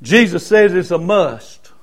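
A man's voice: high voice, animated, measured pace. A middle-aged man preaching a Baptist sermon with emphatic repetition. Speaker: Baptist pastor.

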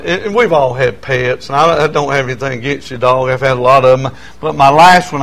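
A man's voice: medium pitch, fairly bright tone. An older man preaching a sermon, telling folksy stories with many stammering restarts. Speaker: pastor.

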